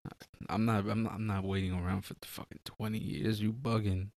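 A man's voice: fairly low pitch, brisk, gravelly, no echo. A man in a casual, profane podcast chat who acts out little scenes as he talks. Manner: animated, profane, acts out bits.

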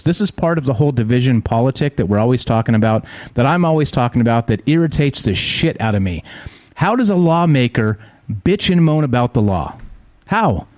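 A man's voice: medium pitch, darkish tone, no echo. Fired-up man ranting about the news. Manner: heated, profane, rhetorical questions. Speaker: host.

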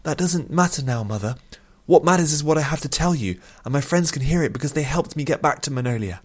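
A man's voice: on the high side, expressive, fast, pitched above the performer's own voice. A man reading an audiobook and voicing an earnest young princess who talks in an urgent, pleading, apologetic way. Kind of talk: audiobook character voice.

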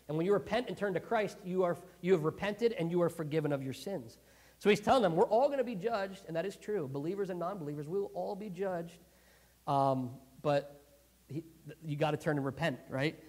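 A man preaching a sermon in a conversational, earnest way, clearing his throat often. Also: on the high side. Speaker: pastor.

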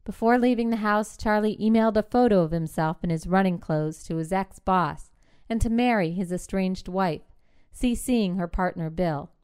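Woman, fiction reading, very smooth clear tone, middle pitch, clipped measured phrasing. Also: a little mellow. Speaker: short story reader.

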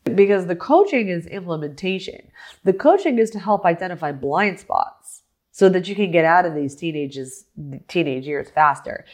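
Woman, business coach, solo podcast monologue, animated, frequent restarts. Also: fairly low pitch. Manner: animated, acts out her own past questions; restarts and repeats words often.

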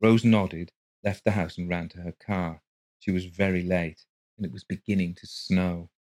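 Male narrator for a ghost story; low, steady and measured, dry sound. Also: no echo.

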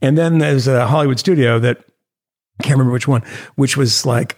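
A man co-hosting a podcast, talking in a rambling, animated way full of restarts and fillers. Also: medium pitch, a little fast. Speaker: podcast co-host. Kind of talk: casual chat.

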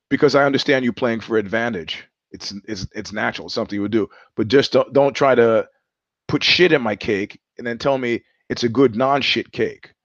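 A man with a mid-range voice hosts his own live-stream show, delivering a solo monologue that's wry, rambling and often broken by laughter. There's no room sound, though the live-stream audio is slightly dull.

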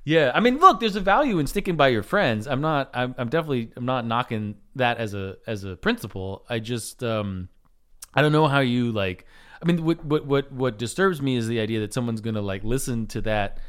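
Man, podcast host, casual chat, bright tense tone, frequent laughs, halting restarts. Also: medium pitch, animated, clean tone.

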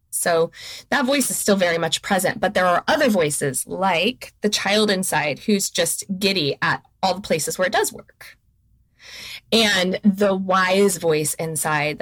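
A woman's voice: fairly low pitch, no echo. A middle-aged woman talking candidly and with animation as a therapist guest on a podcast, laughing often. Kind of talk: podcast interview conversation.

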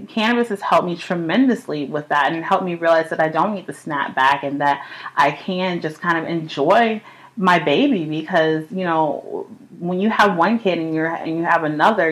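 A young adult woman hosting a casual home podcast while high, telling stories in a profane, animated way with frequent laughter. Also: low-quality recording. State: high on cannabis. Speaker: podcast host. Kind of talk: casual chat. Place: home apartment.

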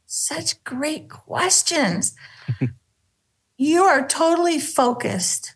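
A middle-aged woman, a former sketch comedy cast member, telling animated stories in a casual interview and acting out the quotes. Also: extremely slow, poor audio. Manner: animated, acts out quotes, drops into a low voice for bits.

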